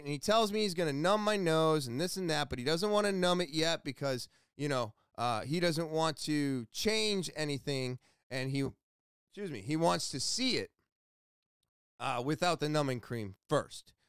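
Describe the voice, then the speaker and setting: A podcast host, a man, telling a story in a casual monologue, excitable and loud, rambling with restarts and asides. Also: on the high side, normal speed, clear, resonant tone, no room sound, clean studio sound. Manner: excitable, loud, almost yelling.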